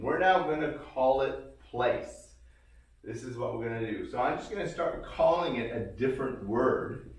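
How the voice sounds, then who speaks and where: A man teaching his dog commands, explaining calmly between short cues and breaking into high, excited praise. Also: far from the mic. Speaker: dog trainer. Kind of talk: casual training demonstration. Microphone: robotic tracking camera. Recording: echoey room, voice from away from the mic.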